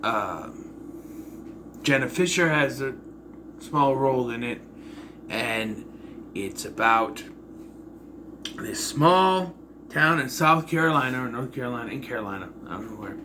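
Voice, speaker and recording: A man talks through a movie review in a loose, rambling way, his pitch bouncing up and down as he goes. His voice is bright and forward, with a faint hum behind him. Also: unhurried, long pauses. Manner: rambling, animated, with frequent throat clearing. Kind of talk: casual spoken movie review.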